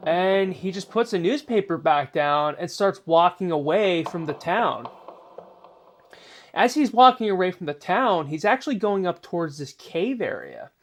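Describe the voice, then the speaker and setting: A man's voice: sits high, sing-song, a little slow. A man telling a spooky story in a casual, rambling way, full of filler phrases. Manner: rambling, many "you know" fillers.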